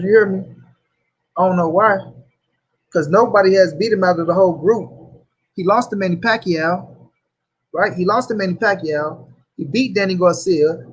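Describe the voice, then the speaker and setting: Husky heated man ranting about boxing. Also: high voice, low-quality recording. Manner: heated, profane, repeats points, addresses chat. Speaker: boxing commentary host. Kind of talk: livestream rant reading chat.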